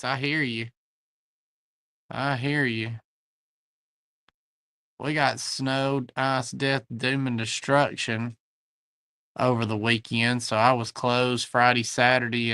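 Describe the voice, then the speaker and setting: A man's voice: mid-range voice, steady tone, slow pace, pauses often, pushed and bright, clear, resonant tone, no room sound. Southern US man, livestream sale host, folksy and chatty, dry close sound. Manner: folksy, chatty, greets viewers by name. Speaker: host of a live online antique sale. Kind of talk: livestream chat, reading viewer comments.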